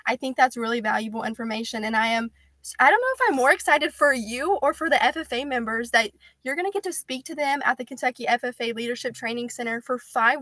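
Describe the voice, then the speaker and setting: A woman's voice: fairly high pitch, fairly bright tone, no room sound. Enthusiastic woman host, dry sound. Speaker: podcast host. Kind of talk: podcast interview.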